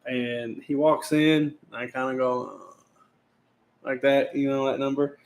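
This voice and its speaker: A man's voice: medium pitch, fairly even intonation, measured pace, vocal fry. A man co-hosting a podcast, joking casually and acting out voices in his anecdotes. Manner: joking, acts out quoted voices in his stories. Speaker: podcast co-host. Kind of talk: casual storytelling chat.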